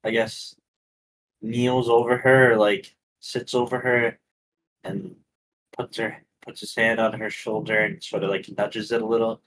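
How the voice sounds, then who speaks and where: Low-voiced man, hesitant tabletop player. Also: flat delivery, unhurried, a bit bright, slight background noise, poor audio. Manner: hesitant, filler-heavy. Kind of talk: tabletop game play.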